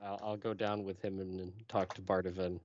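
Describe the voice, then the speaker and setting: A man's voice: low voice, level tone, fairly quick, a little mellow. A man playing a tabletop game, with dry joking in casual chat. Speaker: player. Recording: dull lo-fi mic, faint hiss.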